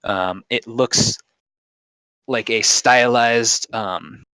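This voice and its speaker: A man's voice: medium pitch, steady tone, extremely slow, sharp tone, clean tone, no room sound, low-quality recording. A man running a tabletop game as game master, narrating loosely and jokingly. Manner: loose, joking, rambling with fillers.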